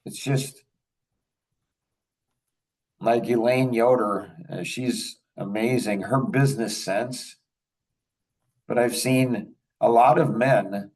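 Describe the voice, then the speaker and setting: A man's voice: mid-range voice, takes it slowly, long pauses, darkish tone, breathy edge, distant mic, low-quality recording. An older man hosting a podcast, telling rambling anecdotes in casual chat and chuckling often. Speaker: podcast host.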